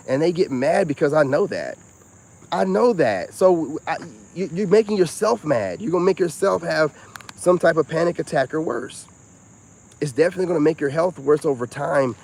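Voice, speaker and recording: A man's voice: a little high, darkish tone. A man in his forties, a live-stream host talking straight to his viewers in a casual monologue, self-assured and preachy. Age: 40s.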